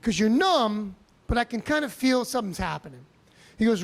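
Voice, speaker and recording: A male stand-up comedian telling a story on a comedy club stage, animated, profane and self-mocking. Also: sits high, moderate pace.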